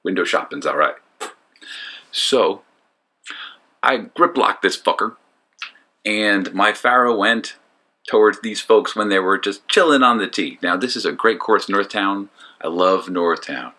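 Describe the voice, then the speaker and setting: A man's voice: fairly low pitch, unhurried, pauses often, sharp tone. A man giving casual voice-over commentary for his disc golf vlog, joking and mocking himself as he rambles with fillers.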